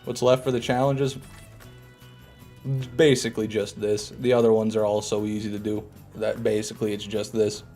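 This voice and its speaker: Soft background music accompanies a lowish-voiced man speaking at normal speed as he streams a game. Laid-back and joking, he reads chat and keeps circling back to the same lines.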